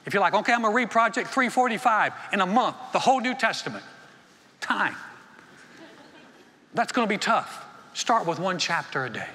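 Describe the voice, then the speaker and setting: A senior pastor preaching a sermon in a folksy storytelling way, acting out little dialogues between churchgoers. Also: male voice, high voice, sharp tone. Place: church auditorium. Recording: long hall reverb.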